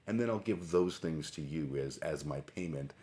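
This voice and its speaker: A man's voice: extremely low pitch, animated, normal speed, dark tone. A man voicing a petulant, boastful young man in a sarcastic, mock-casual tone. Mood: smug.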